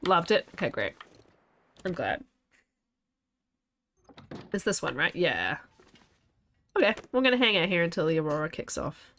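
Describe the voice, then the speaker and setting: A woman with a fairly low voice chats her way through a game stream. She rambles from one aside to the next and laughs often, in a relaxed, casual way. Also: normal speed, pauses often. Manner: chatty, laughs often, wanders between asides. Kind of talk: casual gameplay commentary.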